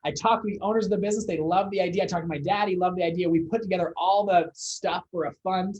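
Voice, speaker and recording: A young man, a fund founder, telling his story as a podcast guest in a casual, animated way with laughs and fillers. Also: high voice, fast talker, a little hiss or hum, poor audio.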